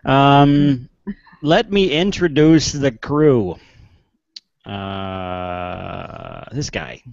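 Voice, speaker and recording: A man's voice: mid-range voice, extremely slow, gravelly, darkish tone, no echo, muffled recording. A man hosting a casual online panel show from a video call, joking and mocking himself as he introduces the crew. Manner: joking, self-mocking, playful.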